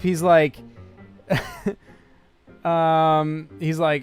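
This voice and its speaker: A man running a tabletop game as game master, with a clear, smooth, slightly high voice. He speaks casually, in halting bursts full of fillers. Faint guitar music plays beneath. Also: level tone.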